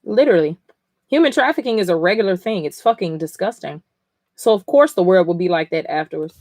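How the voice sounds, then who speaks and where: A woman's voice: lowish voice, expressive, fairly quick, darkish tone, no room sound, studio quality. A woman reading comics live on stream, reacting emphatically, swearing and talking straight to her chat.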